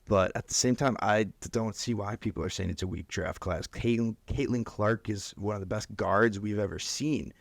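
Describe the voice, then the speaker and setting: A man with a lowish, gravelly voice runs through a solo sports podcast, rambling and joking at his own expense. The sound is close and dry, with no room around it. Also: normal speed, few pauses, dry recording. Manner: joking, rambling, self-mocking. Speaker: podcast host.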